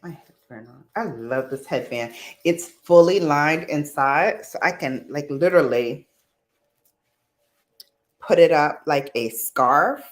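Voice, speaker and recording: A woman's voice: deep voice, slow. A woman hosting a casual livestream, chatting playfully with her viewers and talking to her small pet. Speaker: livestream host. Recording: loud music playing behind.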